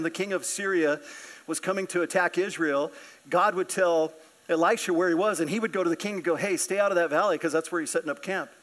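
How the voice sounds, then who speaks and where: Man, pastor, sermon, high voice, animated, acts out characters. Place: church sanctuary.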